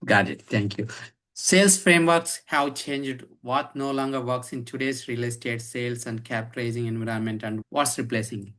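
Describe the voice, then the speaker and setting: A man's voice: medium pitch, normal speed, fairly bright tone. Man asking brief polite questions. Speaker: podcast host. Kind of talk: interview questions.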